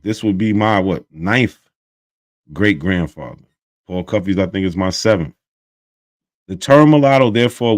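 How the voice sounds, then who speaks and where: A man's voice: lowish voice, darkish tone, dry recording. A middle-aged man reading from historical documents and arguing his point in an online debate. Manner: reads historical quotes aloud, then argues. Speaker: livestream debater.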